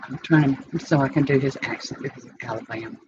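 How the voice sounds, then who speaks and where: A woman's voice: a bass voice, fast talker, warm tone. A middle-aged woman telling a long personal story in a rambling, digressive way, full of restarts and fillers. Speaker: vlogger. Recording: dull lo-fi sound with clear background noise.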